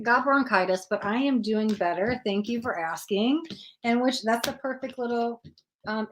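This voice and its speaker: A woman's voice: medium pitch, background noise. A woman hosting a tarot livestream in a casual, chatty way, greeting viewers by name and laughing at herself when she stumbles over names.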